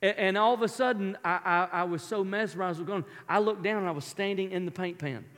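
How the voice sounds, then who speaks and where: A male pastor with a high-pitched voice tells a lively personal story from the pulpit, full of folksy asides. His voice carries a long reverb from the large church hall around him. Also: fast talker.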